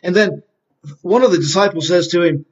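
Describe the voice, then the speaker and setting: His voice sits high and carries a darkish tone as he leads children through a Bible lesson. He quizzes them, answers his own questions at a slow pace, and drills key phrases in repetitive call-and-response, all on a dull lo-fi recording.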